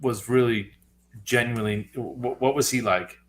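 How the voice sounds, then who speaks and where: A man's voice: mid-range voice, normal speed, slight background noise. A man co-hosting a live show, chiming in with short reactions and follow-up questions. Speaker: co-host.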